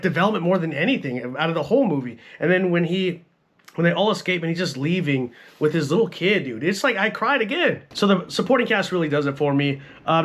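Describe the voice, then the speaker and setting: A fairly high-voiced young man riffs through a film review in loose, unscripted speech, sprinkling in swearing and constant "like"s. His tone stays blunt and conversational, the way a channel host talks straight to his viewers. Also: a bit bright. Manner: profane, blunt, repeats "like" and "bro". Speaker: movie reviewer. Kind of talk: casual film review rant.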